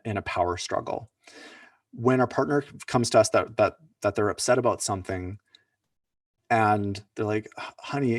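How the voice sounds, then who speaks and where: A man's voice: on the low side, no echo, clean studio sound, far from the mic. A man presenting at an online workshop, talking loosely with many fillers and restarts. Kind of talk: casual online teaching talk.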